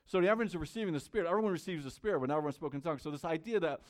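A male pastor preaching a sermon in an earnest, conversational way. His voice sits a little higher than most men's. He reads scripture aloud and talks straight to his listeners. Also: rapid-fire.

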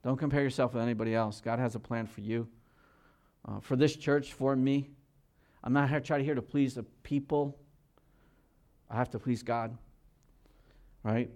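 A man's voice: mid-range voice, fairly even intonation, normal speed, long pauses. A man in his sixties, a pastor, preaching an earnest, conversational sermon and checking in with his listeners. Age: 60s. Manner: swings between loud emphasis and quiet asides.

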